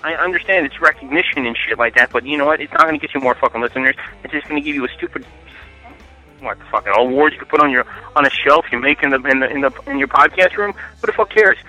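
A man's voice: medium pitch, fast talker, bright, forceful tone, faint music behind, rough recording. A man leaving a profane, ranting voicemail. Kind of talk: angry phone rant.

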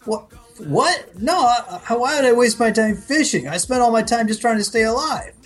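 A man voicing a dirty, shabby homeless man who protests in a high, exasperated voice, in a comedy podcast joke. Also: expressive, moderate pace, fairly bright tone, breathy edge, soft background music, exaggerated voice. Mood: indignant.

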